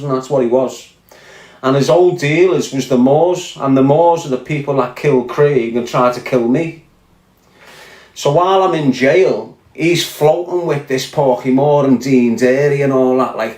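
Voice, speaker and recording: A man's voice: mid-range voice, a little mellow. A man telling a story in a blunt, profane, accusing rant. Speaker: podcast guest. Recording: roomy echo.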